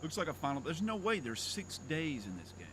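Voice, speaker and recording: A man's voice: fairly high pitch, very animated, a little fast, background noise. Joking male game streamer. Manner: rambling, joking, voices game characters. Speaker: gaming streamer. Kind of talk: casual playthrough commentary. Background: game music.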